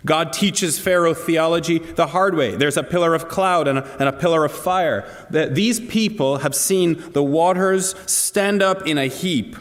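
A man's voice: a little high, a little slow, hardly any pauses, long reverb tail. A man preaching a sermon to a congregation, earnest and asking them direct questions. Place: church hall.

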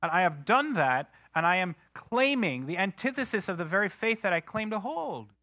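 A man preaching a sermon in an earnest, emphatic way, slowing down to stress key phrases. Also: high-pitched, big pitch swings, sharp tone, no room sound, clean studio sound. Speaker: pastor.

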